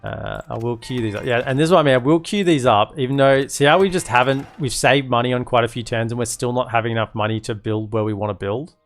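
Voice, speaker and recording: A man's voice: medium pitch, fast, few pauses, soft background music. A man casually commentating his live strategy game stream, rambling and chatty with lots of fillers.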